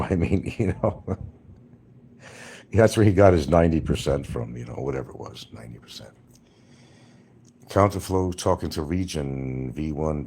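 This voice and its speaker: Very deep-voiced rambling man. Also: a little mellow, slightly rough. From New York. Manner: rambling, talks straight to viewers. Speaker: livestreamer. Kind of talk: casual livestream chat.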